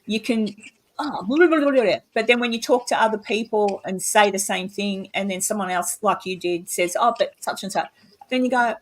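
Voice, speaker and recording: A woman's voice: medium pitch, steady tone, normal speed. A woman chatting casually as a guest, blunt and talkative, swearing freely. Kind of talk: casual chat.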